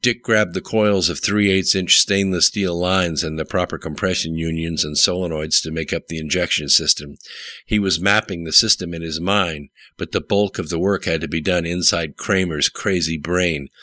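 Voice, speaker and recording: A man's voice: sits low, fairly even intonation, normal speed, bright, forceful tone, no room sound. A man narrating a story aloud, plainly, with the odd slip. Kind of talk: audiobook reading.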